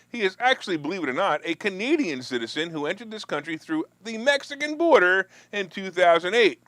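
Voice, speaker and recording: A man's voice: big pitch swings, a little fast, a bit bright, dry recording. A man hosting a live finance and politics talk show, chatting loosely with viewers and joking, with restarts and asides. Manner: mocks opponents in a whiny high voice. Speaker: host of a stock market talk show.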